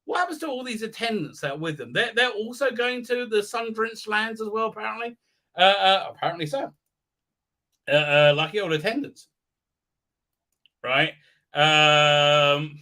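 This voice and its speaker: A man's voice: high voice, animated, normal speed, bright, forceful tone. A man hosting a live show, mocking what he watches in a crude, sarcastic way, full of "uh, uh" fillers and silly put-on voices. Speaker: host.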